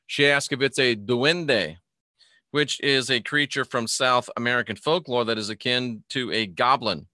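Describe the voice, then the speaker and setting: A man's voice: medium pitch, a little slow, bright, forceful tone, dry recording, clean studio sound. A man hosting a live online show in a casual, rambling way, reading a news article aloud, commenting on it and greeting chat viewers by name.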